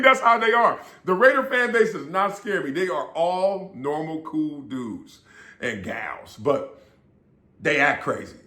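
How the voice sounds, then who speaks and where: Animated man telling a laughing story. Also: high voice, measured pace. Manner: animated, laughing often, acts out quoted voices. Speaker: former NFL player and show host. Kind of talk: casual storytelling monologue.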